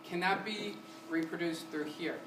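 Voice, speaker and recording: Male music teacher, energetic classroom delivery with quick questions and sung demos; distant, roomy recording with background noise. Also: high voice. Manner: sings short syllables to demonstrate. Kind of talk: classroom lesson. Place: community center room.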